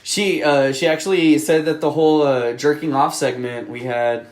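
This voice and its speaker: A man co-hosting a podcast in casual banter, laughing often and acting out quotes in a high voice. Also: steady tone, moderate pace. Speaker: podcast co-host. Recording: echoey room.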